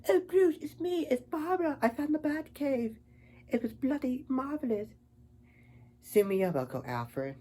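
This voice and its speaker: British accent young lady - a guy doing the voice, high squeaky, excitable. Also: a little slow, full character voice. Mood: excited. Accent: put-on British.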